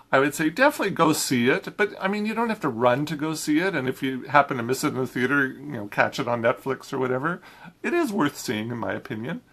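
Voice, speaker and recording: A man's voice: on the high side, creaky, fairly bright tone. A man reviewing a film in a casual chat, talking easily with frequent restarts and laughs. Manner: chatty, laughs often, many restarts.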